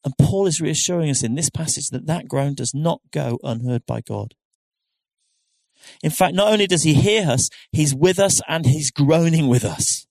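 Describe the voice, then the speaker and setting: Middle-aged male pastor, earnest, conversational preaching style, slightly high voice, dry close recording. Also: moderate pace, creaky, darkish tone, no echo. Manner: conversational, earnest, with frequent restarts and rhetorical questions. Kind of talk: sermon.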